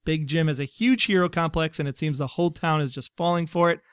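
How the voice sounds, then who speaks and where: A podcast co-host reads out listener messages with a wry delivery in a casual talk show chat, speaking quickly. His smooth, resonant voice sits a little high for a man, and the sound is dry and close.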